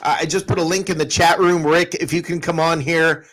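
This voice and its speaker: A man hosting a casual sports talk show, excitable and quick to laugh. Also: a little high, a little hiss or hum. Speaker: host. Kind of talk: casual chat.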